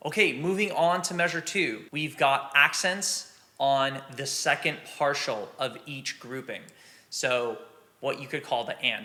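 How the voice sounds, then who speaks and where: A man's voice: mid-range voice, a little slow, noisy background. A man explaining drum exercises patiently and counting beats aloud as a teacher. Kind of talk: instructional drum lesson.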